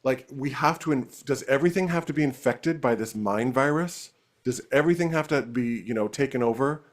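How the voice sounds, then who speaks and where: A man's voice: medium pitch, brisk. A man co-hosting a talk show, giving his opinion in a heated, ranting way. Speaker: co-host.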